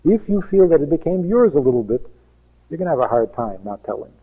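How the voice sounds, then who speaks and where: A man's voice: on the high side, big pitch swings, fast talker, slightly rough, narrow, tinny audio. A man, a rabbi, giving an emphatic teaching talk full of rhetorical questions and acted-out quotes.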